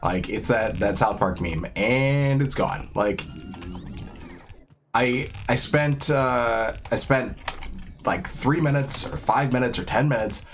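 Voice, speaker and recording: Slow and mid-range, this man's voice comes through over some background noise as he streams a game. He rambles casually about the gameplay, poking fun at himself and using plenty of fillers.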